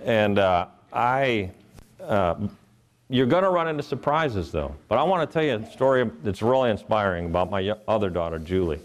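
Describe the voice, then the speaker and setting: Middle-aged male keynote speaker, low register, earnest storyteller who acts out the voices in his stories. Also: animated, normal speed. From Ohio. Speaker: motivational speaker.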